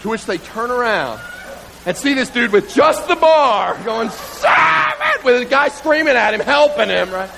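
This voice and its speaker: A man preaching a sermon through a comic, self-mocking story, animated and building to loud bursts. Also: extremely high pitch, normal speed, creaky, background noise.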